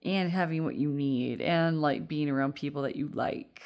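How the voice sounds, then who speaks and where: A woman's voice: deep voice, moderate pace, few pauses, darkish tone. A woman giving a casual, reassuring tarot reading, chatty and rambling with fillers. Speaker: tarot reader.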